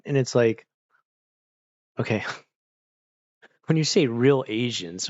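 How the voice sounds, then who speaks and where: A man talks loosely to his livestream viewers from his couch at home, cursing freely and circling his points with endless "like"s and half-started sentences. His voice sits at an ordinary middle pitch. The sound is a little muffled and very dry. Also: animated, a little slow, pauses often, a little mellow, no room sound. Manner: rambling, profane, full of "like" and restarts. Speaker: streamer chatting with viewers. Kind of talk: casual livestream chat. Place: at home on a couch with a pet nearby.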